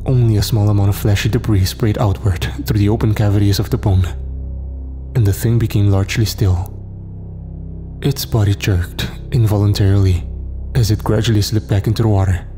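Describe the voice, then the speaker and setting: A man narrating a first-person horror story in a measured, grim way. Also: fairly low pitch, fairly even intonation, mellow, soft background music.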